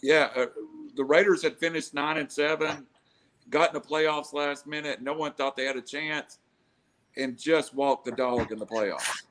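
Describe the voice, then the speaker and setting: A man's voice: on the high side, steady tone, a little slow, a bit bright. A man chiming in during a casual sports chat, repeating words as he starts his sentences.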